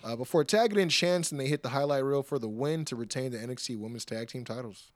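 A man hosting a podcast, recapping wrestling in casual, animated chat, laughing often and acting out quotes. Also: mid-range voice, quick pace, dry recording.

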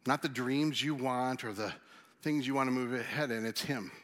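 A male pastor, giving a conversational, animated sermon and then leading a prayer. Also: mid-range voice, normal speed. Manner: animated, conversational preaching with acted asides.

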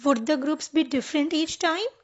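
A woman narrating a children's story slowly, gently and clearly. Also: sits high, dull audio.

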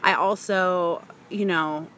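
A woman speaks candidly in a relaxed podcast conversation, laughing easily. Her voice sits a bit lower than most women's. A soft hiss is audible under the recording. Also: takes it slowly. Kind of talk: casual chat.

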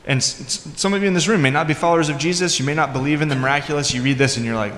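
A male pastor giving a sermon in a conversational way, acting out quoted lines with lively voices. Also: fairly high pitch, racing. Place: church hall. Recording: echoey hall.

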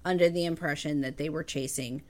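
A woman's voice: sits low, fairly quick. A woman in a casual chat about a movie, filling in and correcting plot points. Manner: lively, corrects and fills in plot details.

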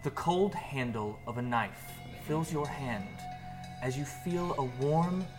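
A man narrating as game master of a tabletop game, slow and deliberate with dramatic pacing. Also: mid-range voice, animated. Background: music.

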